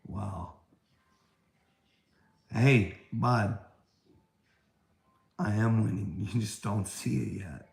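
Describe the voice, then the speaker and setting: A gravelly, low-voiced man rants slowly and at length, taunting his listener and preaching with plenty of swearing. Mocking laughter breaks up his lines. The sound is echoey, as if from a bare room. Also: a little mellow. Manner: taunting, calls listener "bud", frequent laughter; profane, preachy. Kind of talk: rambling livestream rant.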